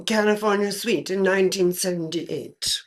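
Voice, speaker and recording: A woman lightly acts the spirit of an older English actress, using an English accent and a dry, clipped, tartly unimpressed delivery. Her voice is mid-range, her pace moderate, and a little background noise can be heard.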